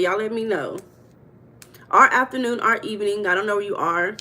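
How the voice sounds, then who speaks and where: A woman's voice: medium pitch, moderate pace, pushed and bright, a little hiss or hum. A woman from the United States hosting a casual livestream, greeting viewers by name and talking about money mindset in a chatty, playful way.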